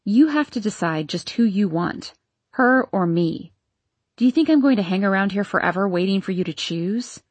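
A woman reading an audiobook, voicing a cold, scheming nurse with a deep, sultry voice and a measured, demanding delivery. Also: animated, no room sound, lightly acted. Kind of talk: audiobook character voice.

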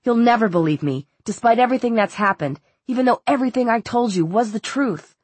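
A woman's voice: a little high, lively intonation, fairly quick, darkish tone, breathy edge, no room sound, voice pushed up. A woman reading an audiobook, voicing a defiant, sarcastic teenage boy. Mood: angry. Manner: curt and sarcastic.

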